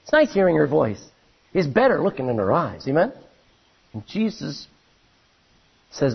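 A man preaching a sermon, reading scripture aloud and swinging between loud emphasis and hushed asides. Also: a little high, big pitch swings, a little slow, gravelly, long pauses, husky, highs cut off.

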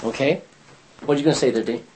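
A man's voice: mid-range voice, fast, darkish tone, a little hiss or hum, rough recording. A man leading a Bible study class, reading scripture aloud and putting questions to his students.

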